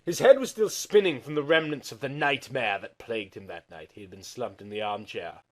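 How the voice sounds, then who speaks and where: A man's voice: mid-range voice, brisk, a little mellow. A man giving a comic dramatic reading as the channel host, with an over-the-top, melodramatic delivery.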